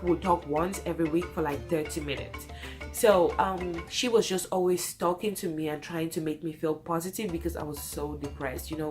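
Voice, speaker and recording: Young woman, casual story-time vlog, laughs a lot, slightly low voice, faint background music. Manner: animated, laughs often, voice jumps high when excited. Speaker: vlogger, single mother. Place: home, late at night.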